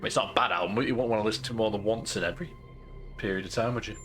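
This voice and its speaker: A man's voice: lowish voice, very fast, a bit bright. A man giving casual, joking commentary while streaming a video game. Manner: chatty, joking, sarcastic. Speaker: gaming streamer. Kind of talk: casual let's-play commentary. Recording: game music behind.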